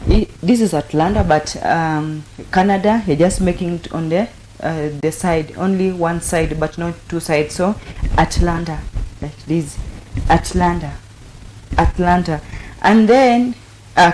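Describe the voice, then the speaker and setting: A woman with a lowish voice teaches sign language slowly and patiently, repeating each word many times. She pauses often with fillers. A faint hum of noise sits behind her. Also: a little mellow. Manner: patient, repetitive, with frequent fillers. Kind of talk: instructional explanation.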